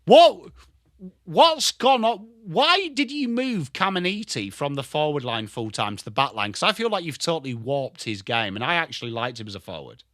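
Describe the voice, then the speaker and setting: A young Englishman with an English accent hosting a live football watchalong stream, excitable and sweary, rattling off player names, tired from little sleep. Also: mid-range voice, brisk, few pauses, no echo, studio quality. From England. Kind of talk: live commentary and chat stream.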